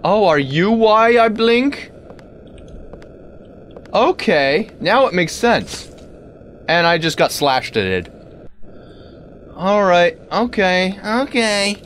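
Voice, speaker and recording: A man doing let's-play commentary, talking to the game and bursting into exclamations. His voice sits a little high and swings widely, while he takes his time with the words. A faint hiss runs underneath. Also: slow pace, pauses often. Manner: animated, talks to game objects, sudden exclamations. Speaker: gaming video creator.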